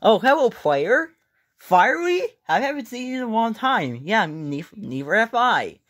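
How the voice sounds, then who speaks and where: Friendly advice-giving guy voiced by a performer, chatty, rambling, slow, amateur voice drama. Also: medium pitch, very animated, fairly bright tone, voice pushed up.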